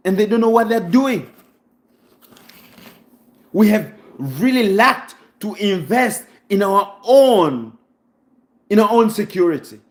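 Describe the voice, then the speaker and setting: A man's voice: high voice, big pitch swings, takes it slowly, pauses often. A Congolese man giving an impassioned, preaching monologue, full of rhetorical questions and close to tears with emotion. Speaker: channel host.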